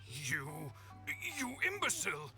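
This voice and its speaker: An actor playing a gruff, blustering old grandfather in a video game. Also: fairly high pitch, lively intonation, normal speed, over loud music. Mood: indignant. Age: older. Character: grumpy old grandfather, easily riled.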